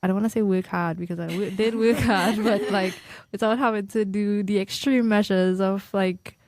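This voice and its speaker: A woman's voice: mid-range voice, no room sound. Chatty Trinidadian woman, dry close sound. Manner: chatty, laughs often, quick bursts when excited. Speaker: student podcast co-host. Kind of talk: casual chat.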